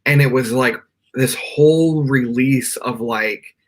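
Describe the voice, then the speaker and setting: Speaking slowly in a medium pitch, this young podcast guest joins a remote call from his bedroom. His talk is earnest and meandering, heavy on "like" fillers, as he candidly shares a personal story in a live interview.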